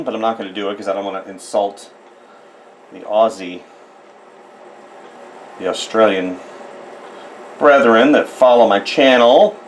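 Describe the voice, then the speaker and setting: A man's voice: on the low side, slight background noise, poor audio. A man from the United States narrating a casual drawing tutorial, chatty and rambling with self-deprecating asides. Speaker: art tutor.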